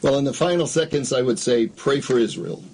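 A male interview guest who tells stories in an earnest, measured way. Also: mid-range voice, darkish tone, husky, poor audio. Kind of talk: storytelling interview.

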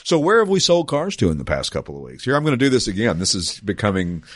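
Low-voiced, easygoing male podcast host. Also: very animated, fast talker, no echo. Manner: easygoing, rambling, chuckles often. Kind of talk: casual radio-style podcast chat. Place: small studio.

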